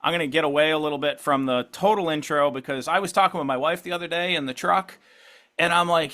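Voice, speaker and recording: A man hosting a podcast interview in casual chat, upbeat, laughing often and talking in quick bursts. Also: fairly high pitch, bright, forceful tone. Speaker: podcast host.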